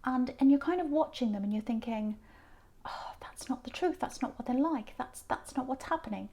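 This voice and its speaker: Casual female tarot reader, warm and mellow, meandering and repetitive delivery. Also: high voice, a little fast. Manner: rambling, repeats phrases, soft asides. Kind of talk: casual tarot reading monologue.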